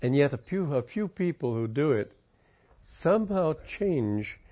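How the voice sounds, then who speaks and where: Calm musing man, muffled lo-fi recording. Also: fairly high pitch, a little slow. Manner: calm, musing, wandering sentences. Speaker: spiritual teacher. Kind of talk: reflective spiritual talk with personal story.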